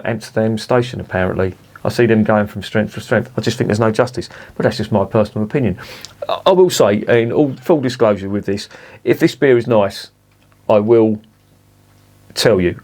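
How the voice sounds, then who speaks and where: A man's voice: fairly low pitch, darkish tone. A man reviewing a beer in a casual vlog, blunt and grumbling, swearing freely.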